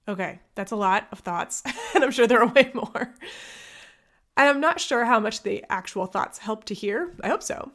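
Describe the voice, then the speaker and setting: A woman hosting her own podcast as a physical therapist, talking candidly and reflectively, laughing at herself and dropping now and then into soft near-whispers. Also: on the high side, animated, normal speed. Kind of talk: personal podcast monologue.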